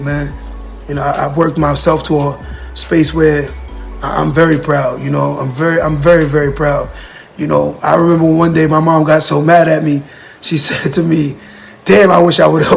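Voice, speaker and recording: Guy doing a motivational livestream, kinda gravelly, a bit high, earnest, keeps repeating himself, faint music behind. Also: level tone, a little fast. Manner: earnest, repetitive, addresses viewers and comments directly. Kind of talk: casual motivational talk.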